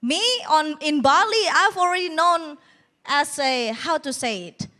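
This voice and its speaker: A woman's voice: high voice, a little slow, pushed and bright. A young woman performing a stand-up comedy routine on a TV competition stage, with a bold, teasing, self-mocking delivery.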